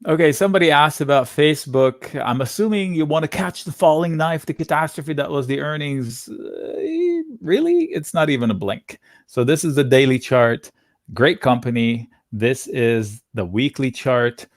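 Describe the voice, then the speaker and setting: A man's voice: fairly high pitch, animated, moderate pace, no echo, clean studio sound. Chatty man talking through stock charts. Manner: casual, chatty, thinks aloud while reading charts. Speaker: options trading webinar host. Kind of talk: live market commentary.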